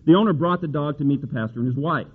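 A man's voice: racing, breathy edge. Folksy preacher man on a tinny line. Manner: folksy, rising to emphatic pitch on scripture. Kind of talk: sermon with scripture reading. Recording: tinny phone-like sound.

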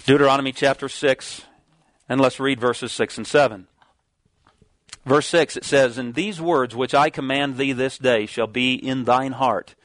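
A man preaching a sermon, reading scripture slowly and stressing key words, with some restarts as he explains. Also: mid-range voice, steady tone, fairly bright tone, no echo.

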